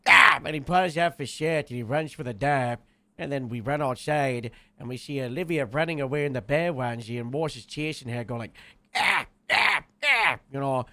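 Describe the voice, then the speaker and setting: A man's voice: medium pitch, a little fast, dry recording. A man telling a long story in character during a roleplay game, rambling with lots of filler and restarts.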